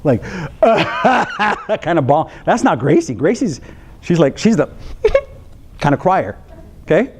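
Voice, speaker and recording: A man's voice: on the high side, slow pace, pauses often, slight background noise. A middle-aged man, a psychologist, telling a story in a talk to counselors and acting out his daughter's reactions. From United States. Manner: animated, acts out his daughter's reactions with laughs and gasps.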